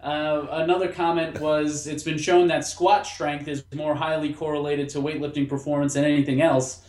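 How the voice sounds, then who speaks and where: A man explaining his study as a guest, halting and restarting his sentences. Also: fairly high pitch, level tone, darkish tone. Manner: hesitant, with restarts and fillers. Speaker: guest researcher. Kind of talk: casual interview chat. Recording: roomy echo.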